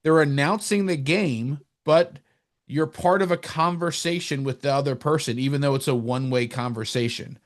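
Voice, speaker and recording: This fast-talking New Jersey man co-hosts a sports podcast in a casual, rambling style. He gets worked up as he goes, and mockery sends his pitch shooting higher.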